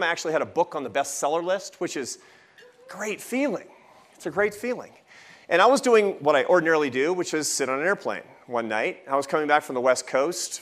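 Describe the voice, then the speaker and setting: A man's voice: fairly high pitch, expressive, fast, fairly bright tone. A man in his fifties giving a lecture at a festival, telling a personal story with jokey asides. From United States. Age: 50s.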